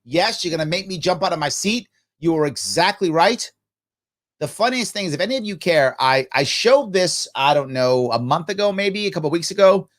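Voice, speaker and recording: A middle-aged man hosts a live Q&A, his pitch swinging widely as he talks. His voice sits a little higher than most men's. He preaches at viewers and acts out small imagined conversations to make a point. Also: expressive, brisk. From New York. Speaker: livestream Q&A host. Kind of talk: live ask-me-anything talk.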